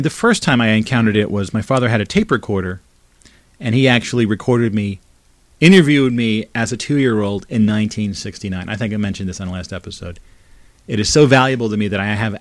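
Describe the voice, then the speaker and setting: Low-voiced man rambling in a dry room. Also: no room sound. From New Jersey. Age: 50s. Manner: chatty, digressive, nostalgic. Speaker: podcast host. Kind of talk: rambling solo monologue. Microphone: condenser mic through a mixer.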